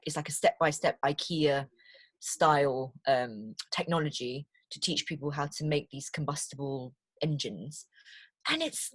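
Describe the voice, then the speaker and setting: A British woman talks about her voiceover career in a relaxed interview. Her voice sits a little low, and she tells stories with energy, stumbling and repeating words as she gets going. The sound is dry and close, with no room echo. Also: breathy edge. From Britain. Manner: animated storyteller, laughs easily, repeats words when starting. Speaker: voiceover artist guest. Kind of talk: casual interview chat.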